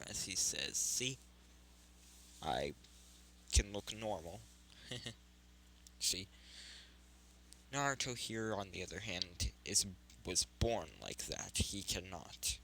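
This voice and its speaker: Slow, bright-toned male storyteller. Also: deep voice, gravelly, a little hiss or hum, low-quality recording. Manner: rambling, stops to correct himself. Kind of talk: improvised fan story narration.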